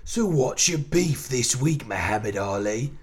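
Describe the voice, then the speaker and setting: A man hosting a comic football phone-in, deadpan and awkwardly tactless. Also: mid-range voice, a little slow. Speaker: radio phone-in host, ex-pro footballer.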